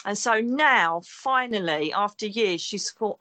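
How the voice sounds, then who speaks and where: This woman's mid-range voice is bright and forceful, with lively intonation and an unhurried pace. A psychic medium and ex-detective, she talks emphatically during an interview and acts out quoted voices.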